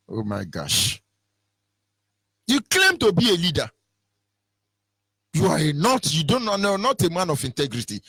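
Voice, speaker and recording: A man with a Nigerian English accent, giving an impassioned political radio monologue, chanting lines over and over and swinging between shouting and mock whispers. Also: fairly high pitch, huge pitch swings, a little slow, creaky, pauses often, husky, no room sound. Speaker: radio presenter.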